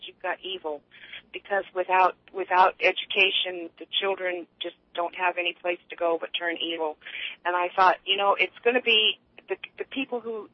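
A woman calling in to a radio show, telling long rambling stories with many restarts. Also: medium pitch. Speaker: caller. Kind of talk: casual radio call-in chat. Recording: dull lo-fi line, dry.

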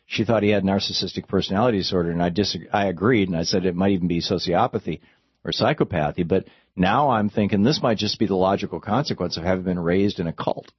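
A man hosting a call-in radio talk show, talking in animated bursts with stammering restarts. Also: deep voice, quick pace, slightly rough, no echo, highs cut off.

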